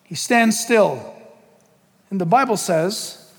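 A man preaching a sermon in an animated, joking way, putting questions to his audience. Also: sits high, normal speed, big-room sound.

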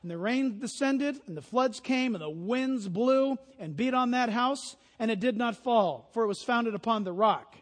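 High-voiced animated preacher in a hall. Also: male voice, normal speed, hardly any pauses. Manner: animated storytelling, imitating honking geese. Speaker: pastor. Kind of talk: sermon.

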